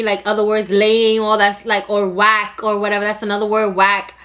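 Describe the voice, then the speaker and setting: A young woman from New York with a New York accent, hosting an eating show and chatting casually, loud and expressive, laughing often. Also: mid-range voice, normal speed. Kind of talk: casual chat while eating.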